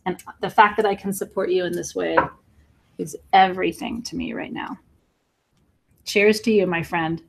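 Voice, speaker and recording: A woman hosting a live crystal sale online, talking excitedly to viewers in an emotional, gushing way and laughing often. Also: lowish voice, normal speed, creaky, long pauses. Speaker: livestream crystal seller. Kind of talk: live sales stream, chatting with viewers.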